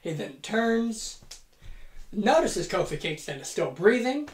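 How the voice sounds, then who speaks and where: A woman hosting a podcast tells a story from home in a casual, profane and playful way. Her pitch rises and falls a great deal, but she keeps an unhurried pace. The room gives her voice a noticeable echo. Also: expressive. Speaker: podcast host. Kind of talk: casual fantasy-booking monologue.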